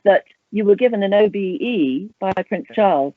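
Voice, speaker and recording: A woman's voice: medium pitch, animated, normal speed, no room sound. A woman hosting an interview, prompting her guest with encouraging questions. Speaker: host, interviewer. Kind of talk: interview conversation. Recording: tinny phone-like line.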